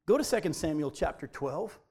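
A man preaching a sermon, animated and emphatic, often stressing his points by repeating them. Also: fairly high pitch, brisk, husky. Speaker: pastor.

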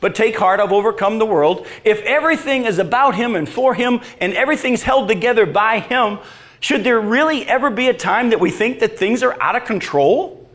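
High-voiced man preaching a sermon. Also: normal speed. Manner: animated preaching, rhetorical questions, acts out quoted voices. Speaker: pastor.

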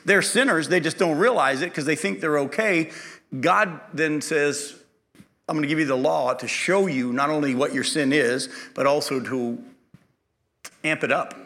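Man, Bible lesson, high voice, bright tone, quizzes listeners, acts out quotes. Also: normal speed. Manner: lively, quizzes the class and acts out quoted speech. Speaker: Bible teacher.

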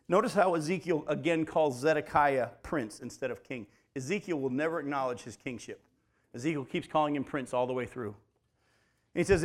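Male preacher, a little higher-pitched than most, casual and chatty, keeps asking listeners questions. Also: fairly quick. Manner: lively, asks the listeners rhetorical questions; conversational, addresses listeners as folks. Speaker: preacher and Bible teacher. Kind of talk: sermon, verse-by-verse Bible teaching.

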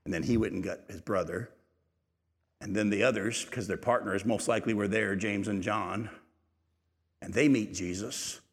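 A male pastor giving a sermon, reading scripture aloud with rising intensity and then retelling it in a quieter, conversational way with asides to the congregation. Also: normal speed, slightly rough, in a large hall. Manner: rises in pitch and volume when reading aloud, drops low and quiet when retelling.

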